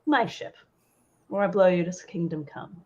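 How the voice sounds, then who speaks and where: A woman's voice: lowish voice, normal speed, lo-fi sound, close to an everyday voice. A woman game master voicing a proud, taunting rival female pirate captain in a haughty manner.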